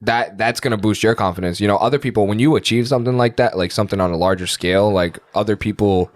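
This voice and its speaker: A young man with a deep voice co-hosting a podcast, talking bluntly and swearing freely in casual chat. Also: fast talker, no room sound, studio quality. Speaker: podcast co-host. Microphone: studio podcast mic.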